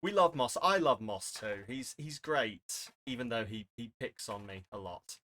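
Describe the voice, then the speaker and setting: Chatty, bright-voiced streamer man. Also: medium pitch, expressive, unhurried. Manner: rambling, self-deprecating, chatty. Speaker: charity streamer. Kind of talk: casual live-stream chat. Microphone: desk microphone.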